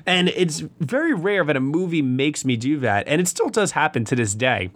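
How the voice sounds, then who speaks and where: This podcast host chats casually about a film, gushing with enthusiasm and repeating himself. He speaks at a normal speed in a fairly high, sing-song voice, and the recording is dry.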